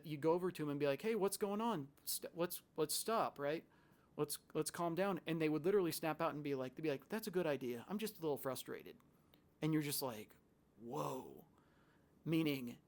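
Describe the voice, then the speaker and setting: A man who worked in a psychiatric hospital, telling stories in a loose, rambling way with restarts and quoted asides. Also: on the high side. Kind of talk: casual storytelling to camera.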